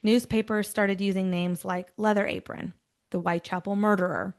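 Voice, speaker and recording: Gravelly-voiced woman hosting a true-crime podcast. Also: mid-range voice, fairly even intonation, normal speed, a little mellow. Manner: switches between scripted storytelling and chatty asides. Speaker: podcast host. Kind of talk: casual true-crime chat mixed with read narration.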